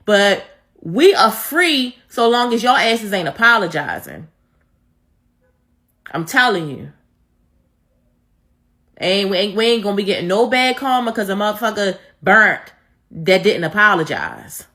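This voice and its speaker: A woman's voice: medium pitch, animated, unhurried, pauses often, sharp tone. A woman giving a blunt, profane rant, repeating her points with emphasis. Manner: repetitive, emphatic. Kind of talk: ranting commentary.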